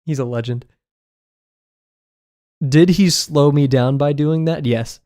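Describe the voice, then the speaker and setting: A man's voice: fairly high pitch, slow pace, warm tone. A man chatting casually while drawing on a livestream, rambling with frequent laughs and fillers. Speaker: streamer.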